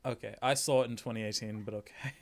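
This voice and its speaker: A man hosting a casual game stream, joking with his guest and dropping into quiet mumbled asides. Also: medium pitch, steady tone, quick pace. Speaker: streamer host.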